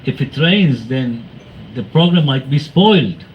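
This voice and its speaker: A man speaking to a devotional gathering, telling anecdotes in an animated way, acting out quoted voices and laughing often. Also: medium pitch, a little slow, muffled recording, a little hiss or hum. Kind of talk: storytelling talk to a congregation.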